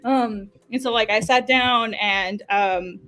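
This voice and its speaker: An American woman, a manga artist, telling a story in a casual interview, animated and full of "like"s, laughing often. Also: fairly high pitch, unhurried. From United States.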